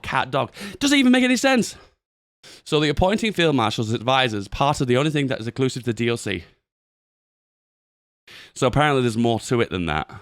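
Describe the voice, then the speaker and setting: A young man giving excitable, laughing commentary on a game update. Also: medium pitch, no room sound, studio quality. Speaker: gaming YouTuber.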